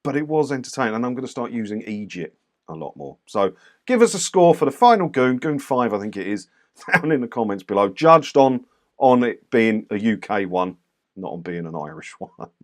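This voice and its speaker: A man's voice: medium pitch, big pitch swings, moderate pace. A man casually commenting on doorstep clips for his channel, blunt and mocking. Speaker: YouTube commentator reviewing clips.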